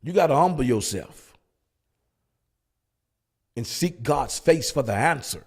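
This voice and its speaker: A man's voice: medium pitch, expressive, slow pace, husky. A male pastor preaching at a Bible study, hammering points with repeated rhetorical questions. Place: church.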